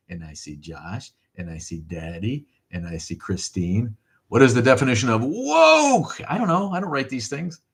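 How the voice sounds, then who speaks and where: A middle-aged man hosting a casual livestream, thanking viewers and ranting in a profane, rambling way. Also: on the low side. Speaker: livestream host. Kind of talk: casual livestream chat reading viewer comments.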